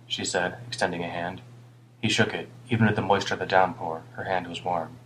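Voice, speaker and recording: A man reading an audiobook in a steady, even scripted narration. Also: low voice, quick pace, a little hiss or hum, low-quality recording.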